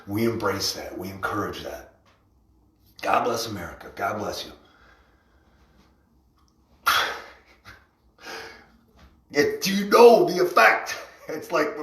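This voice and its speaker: A man's voice: on the low side, very animated, slow, long pauses, fairly bright tone. A man hosting a casual motivational livestream, giving a rambling, enthusiastic pep talk about rallies, often breaking into laughs. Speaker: livestream host and rally organizer. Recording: echoey room, far from mic.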